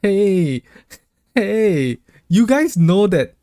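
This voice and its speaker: A male streamer chatting loosely with his viewers, joking and laughing as he goes. His voice is mellow and a little dark, recorded close and dry with no room sound. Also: high-pitched, very animated, drawn-out words, no echo. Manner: joking, laughs often, reads chat aloud. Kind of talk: casual live-stream chat.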